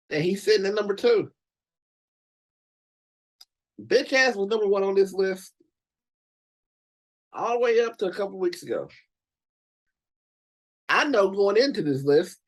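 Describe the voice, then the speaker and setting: Husky, ranting reaction host. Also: male voice, medium pitch. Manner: profane, emphatic, animated ranting. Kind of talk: casual movie reaction commentary.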